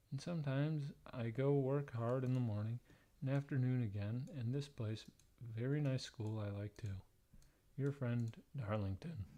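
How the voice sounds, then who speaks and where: Man with a mellow voice reading aloud. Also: mid-range voice. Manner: plain, halting read-aloud delivery, stumbling and restarting over odd wording; blunt, profane joking asides. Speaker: livestreamer. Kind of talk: reading historical letters aloud, with casual asides.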